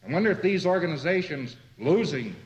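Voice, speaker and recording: A man's voice: a little high, expressive, fairly quick, reverberant, dull audio. A man giving a conversational lecture full of anecdotes, chuckling at his own points and asking rhetorical questions.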